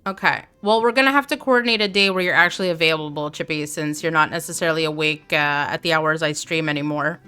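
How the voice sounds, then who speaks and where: Over soft background music, a woman speaks quickly in a low, sharp, clear and resonant voice with hardly a pause. She chats with her stream audience while playing a game live, reading viewer messages out loud and adding playful remarks.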